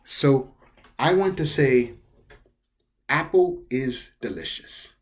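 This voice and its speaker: Slow breathy teacher voice, repeats every word a bunch of times, pitch jumps all over. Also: animated. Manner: repeats each word several times, carefully; explains step by step in plain words. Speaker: language teacher. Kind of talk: slow pronunciation lesson.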